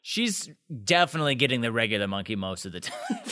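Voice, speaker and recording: Podcast co-host, male, lively and bright, dry close sound, acts out lines. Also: medium pitch, a little fast, dry recording. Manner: animated, acts out quotes loudly. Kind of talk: casual recap chat.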